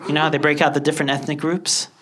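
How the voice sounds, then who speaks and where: A young man from Lebanon doing a stand-up comedy set, telling stories with animated delivery and acting out characters. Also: fairly high pitch, very fast. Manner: animated storytelling, acts out characters. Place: live comedy stage.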